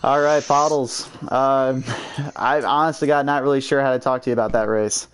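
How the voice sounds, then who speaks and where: A man commentating a sim racing league and interviewing drivers, excitable and quick to laugh. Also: medium pitch, a little hiss or hum. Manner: excitable, laughs often, exclaims.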